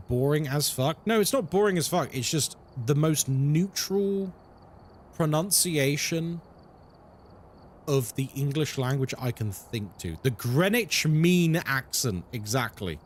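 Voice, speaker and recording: Lively, high-voiced male streamer. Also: slow, slight background noise. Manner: animated, swears freely, drops into mock voices. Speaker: live streamer. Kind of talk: casual live-stream chat with viewers.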